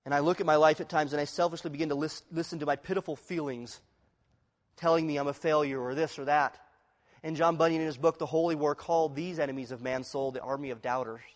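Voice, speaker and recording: A man preaching a sermon, shifting from quiet, confessional passages to loud, emphatic ones and acting out the voices of inner struggle. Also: a little high, steady tone, quick pace, long reverb tail. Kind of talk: expository sermon.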